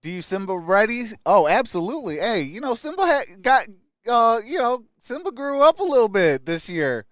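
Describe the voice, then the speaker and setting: A man hosting a live stream, chatting casually and greeting viewers by name in an upbeat way. His voice sits high for a man and sounds smooth and clear. The sound is close and dry, with no room around it. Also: very animated, normal speed, dry recording. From Michigan. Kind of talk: casual live-stream chat reading comments.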